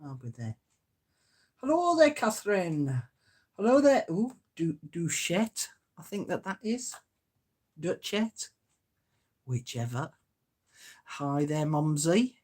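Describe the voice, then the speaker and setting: Low-pitched and darkish, this woman's voice swings widely in pitch, moving slowly with long pauses. Hosting a crafting livestream, she chats homely and warm, greets viewers by name and chuckles while reading comments.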